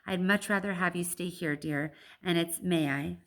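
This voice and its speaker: A woman voicing a wise, steady female elephant matriarch who gives calm, firm, motherly commands. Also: on the low side, normal speed. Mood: gentle, firm.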